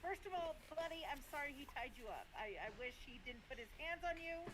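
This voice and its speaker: High-voiced woman player in a noisy chat. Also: expressive, a little fast. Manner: playful and teasing, talks to other characters in character. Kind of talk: playing a halfling in a tabletop game.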